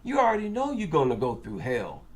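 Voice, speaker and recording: A man's voice: a little high, huge pitch swings, fairly quick. A man with an African American accent giving reaction commentary, incredulous and asking rhetorical questions.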